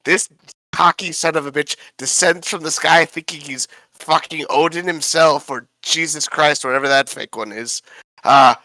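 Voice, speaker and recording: A man's voice: on the high side, normal speed, sharp tone, no room sound. A man recapping a tabletop game session in a rambling, profane, casual way, often fumbling names.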